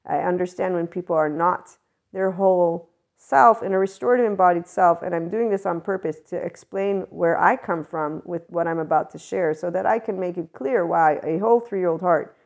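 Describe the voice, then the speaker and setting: Chatty woman podcaster, low-pitched voice. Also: normal speed. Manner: chatty, laughs often, blunt and candid. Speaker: podcast host. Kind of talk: casual solo podcast monologue.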